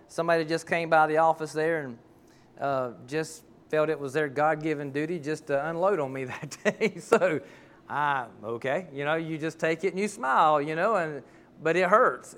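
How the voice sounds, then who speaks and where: Folksy pastor, slightly high voice. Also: male voice, fairly bright tone. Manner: folksy, heartfelt storytelling. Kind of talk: sermon.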